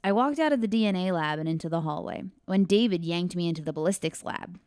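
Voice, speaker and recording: A woman's voice: lowish voice, fast talker, darkish tone, clear, resonant tone, dry recording, clean studio sound. A woman reading her own crime story aloud on a podcast, breaking off into casual asides and laughing often.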